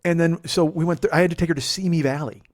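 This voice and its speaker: A man's voice: on the high side, fairly even intonation, fast talker. Sarcastic man telling a rambling comic story. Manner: crude, sarcastic, jumps into silly voices. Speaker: comedy podcast host.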